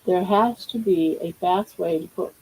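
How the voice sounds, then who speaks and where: Grandmother cooing slowly to her pet. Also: on the low side, dark tone, slightly rough, low-quality recording. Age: older. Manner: cooing baby talk to a pet, musing aloud. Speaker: live stream host. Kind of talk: casual live-stream chat.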